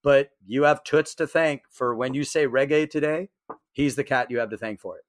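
A man's voice: medium pitch, normal speed, dry recording, clean studio sound. Casual man explaining something on a podcast.

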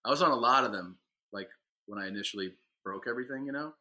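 A man co-hosting a podcast talks fast at a medium pitch, his voice pushed and bright. In casual chat he rambles, pokes fun at himself, and fills his talk with fillers and laughter.

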